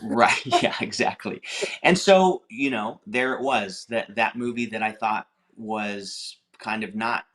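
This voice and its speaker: A film director with a fairly low male voice talks through his career as a guest on a live interview. He sounds earnest and reflective. He is encouraging toward aspiring filmmakers. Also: takes it slowly, a bit bright. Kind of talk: casual interview chat.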